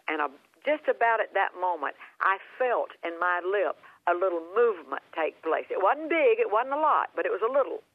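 Woman guest over a phone line, earnest testimony, halting restarts. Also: mid-range voice, lively intonation, no echo. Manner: earnest, with frequent repeats and restarts. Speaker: guest minister telling a healing testimony.

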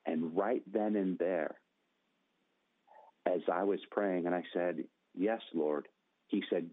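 Lower-pitched male guest, storytelling testimony, lively quoted voices, narrow tinny phone-like sound. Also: slow, long pauses, dry recording. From Northern California. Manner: dramatic, acts out quotes with raised pitch. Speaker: guest telling his testimony.

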